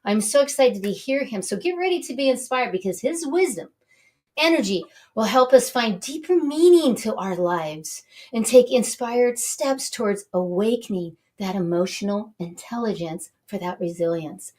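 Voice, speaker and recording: A bubbly middle-aged woman hosting her own show, gushing with enthusiasm as she runs through what's coming up. Her voice sits a little high for a woman. She talks in an upbeat, chatty way. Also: animated, normal speed, darkish tone. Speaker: show host.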